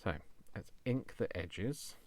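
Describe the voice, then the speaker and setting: A man's voice: fairly low pitch, slow pace. A man hosting a crafting video, rambling casually and talking to himself with jokey asides. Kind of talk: casual chat while crafting.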